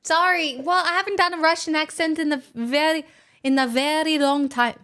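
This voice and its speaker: A woman's voice: sits high, fairly even intonation, moderate pace, fairly bright tone. A young Australian woman chatting casually on a live stream, playful and a little dramatic. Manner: playful, self-mocking, dramatic. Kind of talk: casual chat.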